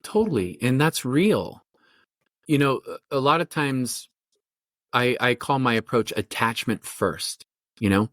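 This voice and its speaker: A man's voice: mid-range voice, steady tone, unhurried, fairly bright tone, no room sound, clean studio sound. A middle-aged man, a family therapist, explaining his ideas in a podcast interview with thoughtful, rambling speech full of fillers and restarts. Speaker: family therapist and parenting coach.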